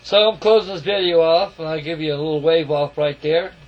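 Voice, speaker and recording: A man's voice: fairly high pitch, fairly even intonation, brisk. A man casually narrating a walk-around of his scale model, folksy and rambling, calling his viewers folks. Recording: lo-fi camera audio.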